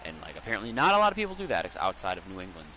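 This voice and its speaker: A man's voice: low voice, wildly swooping pitch, very fast, bright, forceful tone, a little hiss or hum, rough recording. A man from Massachusetts with a western Massachusetts accent, chatting in a rambling, jokey way while playing a video game.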